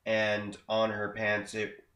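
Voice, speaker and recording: Man, young adult, low voice, casual podcast chat, halting with fillers, echoey room. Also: monotone, pushed and bright. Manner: filler-heavy, halting recaps. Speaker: podcast co-host. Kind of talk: casual chat recapping wrestling.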